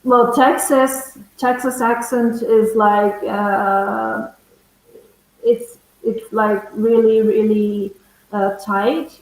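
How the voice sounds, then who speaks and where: A woman from the northern United States, an English teacher chatting thoughtfully in a live online lesson and pausing to find her words. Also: medium pitch, fairly even intonation, darkish tone, echoey room, rough recording.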